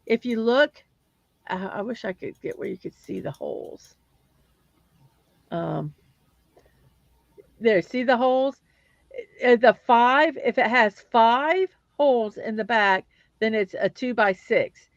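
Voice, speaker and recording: A woman's voice: fairly high pitch, expressive, slow, pauses often, dry recording, lo-fi sound. A woman hosting a livestream, chatting casually and rambling with fillers and restarts while she builds blocks.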